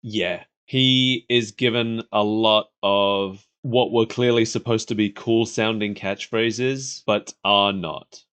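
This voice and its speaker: A man's voice: on the low side, steady tone, slow, few pauses, fairly bright tone, smooth. A man co-hosting a podcast, chatting casually about an old cartoon and laughing often. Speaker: podcast co-host. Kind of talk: casual chat reviewing a cartoon.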